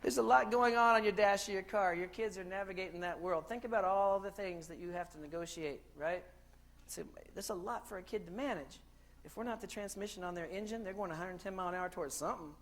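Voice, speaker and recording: A man from the United States giving a conference keynote in a lively, joking storytelling way, asking the crowd questions. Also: high-pitched, fast, a little hiss or hum. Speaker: keynote speaker. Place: conference hall stage.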